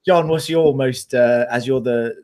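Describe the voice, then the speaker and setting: A man's voice: medium pitch, unhurried, a little mellow. An English man co-hosting a live podcast, chatting casually in a jokey, loose way. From England. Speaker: podcast co-host.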